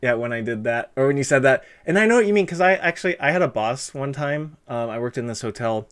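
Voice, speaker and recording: A man hosting a relaxed livestream interview, talking in a loose, chatty way. He laughs easily and breaks off to read out viewer messages. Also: mid-range voice, fast, smooth. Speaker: streamer and interviewer. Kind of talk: casual livestream chat.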